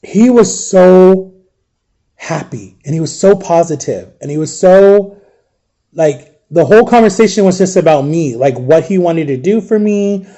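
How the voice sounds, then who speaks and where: A tearful man speaks straight to his viewers in a raw, confiding monologue. His voice sits a little high for a man and has a mellow, soft tone. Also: animated, measured pace. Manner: addresses viewers directly. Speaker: vlogger. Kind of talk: emotional storytime monologue.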